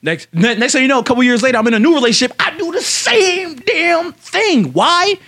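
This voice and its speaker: A young man co-hosting a casual podcast with friends. He argues insistently and keeps cutting back in to make his point. His voice sits high and swings widely in pitch. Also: big pitch swings, fairly quick, bright, forceful tone. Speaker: podcast co-host. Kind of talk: heated casual chat.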